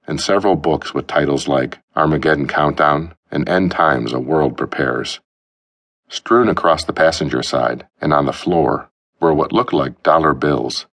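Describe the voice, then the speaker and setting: A man narrating a humorous novel as an audiobook, with an expressive storytelling delivery. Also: rumbling low. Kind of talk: scripted narration.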